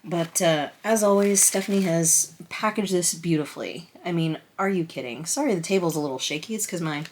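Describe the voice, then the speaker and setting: A woman with a slightly low-pitched voice talks to her viewers from behind a camera on a stand. She unboxes a tarot deck in a casual, chatty way, gushing and flustered, often restarting her sentences. She is openly emotional and near tears. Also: brisk. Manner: excited, flustered and rambling, with many restarts. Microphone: camera on a stand at a table.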